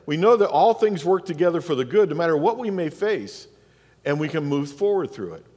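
A pastor with a Southern US accent preaching a sermon, asking rhetorical questions and repeating phrases for emphasis. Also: male voice, a little high, very animated, brisk, a little mellow. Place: church sanctuary. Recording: long reverb of a church hall.

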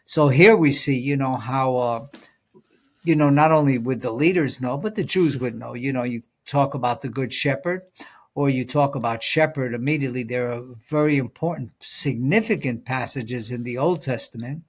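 A man's voice: mid-range voice, normal speed. A man co-hosting a Bible study podcast, talking things through thoughtfully with many fillers and reading scripture aloud. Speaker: podcast co-host. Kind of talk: casual Bible study discussion.

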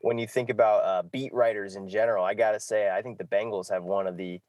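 A man's voice: on the low side, fairly even intonation, fast talker, darkish tone, dry recording. A man hosting a casual sports podcast, loose and jokey, often saying "exactly". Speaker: podcast host.

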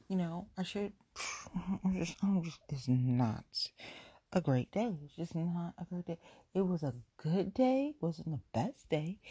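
A woman's voice: mid-range voice, mellow, dry recording, studio quality. A middle-aged woman hosting a casual solo podcast, venting in a rambling, exasperated way and repeating herself. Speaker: podcast host.

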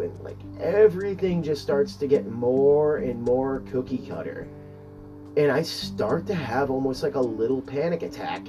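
A man's voice: a little high, darkish tone. A young man from Massachusetts, hosting a podcast and telling a story in a casual, rambling way with many fillers and swearing, livening up when he quotes people. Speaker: podcast host. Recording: distant mic, dull lo-fi sound, faint music behind.

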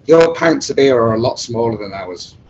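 A man's voice: medium pitch, animated, normal speed, a little mellow, highs cut off, a little hiss or hum. A man with an English accent, hosting a casual chat and telling stories in a chatty way. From England. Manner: chatty, anecdotal storyteller. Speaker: host, brass band trombonist.

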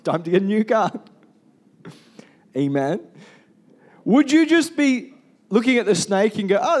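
Male pastor, slightly high voice, conversational sermon to a congregation, quizzes the room. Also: darkish tone. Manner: conversational, asks the congregation questions and calls for amens. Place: church.

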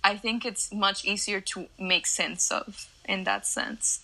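A woman's voice: mid-range voice, steady tone, slow pace, gravelly, bright, forceful tone, rough recording. A young woman whose first language is Spanish, co-hosting a casual podcast and explaining things earnestly. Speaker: podcast co-host. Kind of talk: casual chat.

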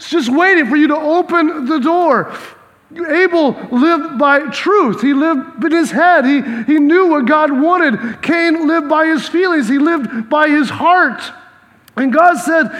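High-voiced pastor preaching, animated, lots of repeats, hall echo. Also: male voice. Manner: animated, repeats words, acts out dialogue. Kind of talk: sermon. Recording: long reverb of a large hall.

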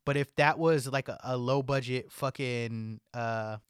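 A man's voice: mid-range voice, steady tone, a little slow, smooth, no room sound. Young man, casual chat, laid-back, swears a lot, says like constantly, dry close mic.

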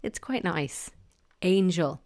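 A woman's voice: lowish voice, expressive, slow pace, a little mellow, no room sound, clean studio sound. An Irish woman talking casually and wryly, giving her opinions in a chatty monologue.

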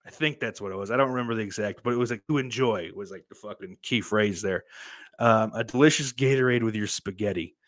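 A man in his thirties with a somewhat low voice, talking off the cuff as a podcast host. He rambles, swears freely, and fills his sentences with ums and likes. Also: fast talker, a bit bright, dry recording. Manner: profane, rambling, heavy on fillers. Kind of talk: casual rambling monologue.

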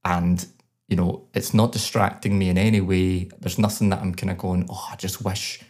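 A man's voice: sits low, flat delivery, moderate pace, darkish tone. A man co-hosting a podcast, giving enthusiastic, detailed feedback on a song in a casual chat. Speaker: podcast co-host. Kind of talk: casual chat reviewing songs.

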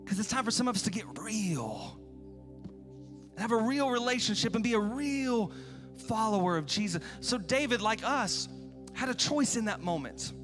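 Man, pastor, sermon, high voice, dramatic storytelling. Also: lively intonation, normal speed, over music. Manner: dramatic storytelling, acting out quotes.

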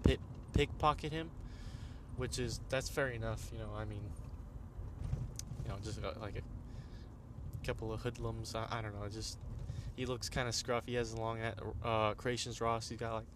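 A man's voice: medium pitch, noisy background. Rambling young man, laughing, slangy. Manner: rambling, laughs often, slangy with many restarts. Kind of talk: casual storytelling chat.

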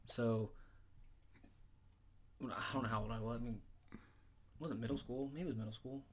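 Chatting casually as a podcast co-host, a man tells a rambling story full of profanity. His mid-range voice is steady and fairly bright, and he talks fairly quickly.

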